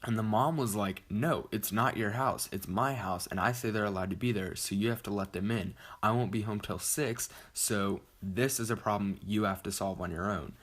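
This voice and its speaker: A man's voice: lowish voice, moderate pace, hardly any pauses. A teenage boy vlogger telling a story casually, rambling and swearing with lots of "like". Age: teens. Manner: rambling, profane, fillers like "like".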